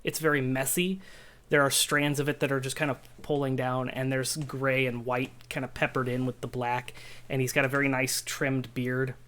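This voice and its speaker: A man narrating a tabletop game as game master, describing scenes in a halting way with many fillers. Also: medium pitch, flat delivery, fairly bright tone.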